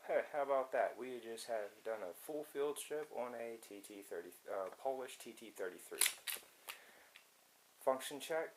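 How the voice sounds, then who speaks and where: A man's voice: medium pitch, slight background noise, poor audio. A man casually talking the viewer through a hands-on demonstration as he works. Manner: casual, talks to the viewer while working. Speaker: firearms video host.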